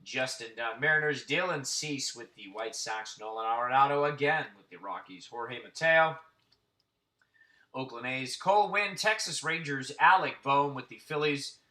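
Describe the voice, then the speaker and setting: A man's voice: mid-range voice, normal speed, bright, forceful tone. Brash, profane man calling out baseball cards. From Central Florida. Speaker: card break host. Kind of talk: casual card-opening chat.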